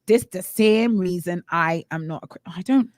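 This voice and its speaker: A woman's voice: lowish voice, a little slow, darkish tone, no room sound. A woman from the Bahamas co-hosting a radio talk show, opining with emphatic rhetorical questions in casual chat. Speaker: radio co-host. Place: radio studio.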